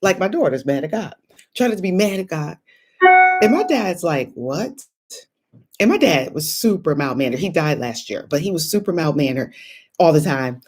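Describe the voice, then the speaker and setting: A woman in her thirties hosting a casual faith livestream, telling stories in an animated, encouraging way. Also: deep voice, normal speed, breathy edge, soft background music. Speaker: host.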